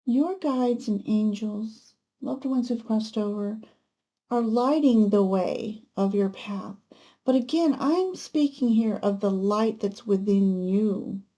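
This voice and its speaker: Woman tarot reader with a mellow, fry-edged voice. Gentle, unhurried spiritual talk. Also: mid-range voice. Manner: gentle, unhurried, spiritual musing with many ums. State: emotional, close to tears at times. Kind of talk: pick-a-card tarot reading.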